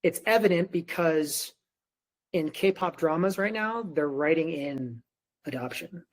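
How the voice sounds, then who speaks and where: This Korean man, a nutrition coach on a podcast, tells a story from his life in easy conversation, voicing the dialogue of others with animation. His pitch is fairly high and his pace measured.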